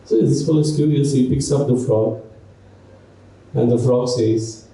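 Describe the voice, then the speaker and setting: A man giving a humorous storytelling speech at a college event, relaxed and anecdotal with asides to the audience. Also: mid-range voice, a little slow, long pauses. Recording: echoey hall from far off.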